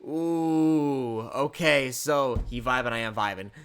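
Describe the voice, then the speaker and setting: A man's voice: medium pitch, lively intonation, brisk, fairly bright tone, faint music behind. A man giving casual, rambling reaction commentary on an album, repeating himself and swearing freely. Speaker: album reviewer.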